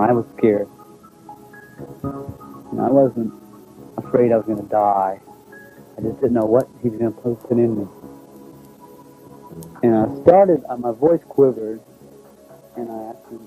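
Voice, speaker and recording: Middle-aged man, dark mellow tone, rambling folksy storyteller, faint music underneath. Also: medium pitch, rough recording. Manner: rambling, folksy, quotes others aloud. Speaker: abduction witness. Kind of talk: first-person storytelling.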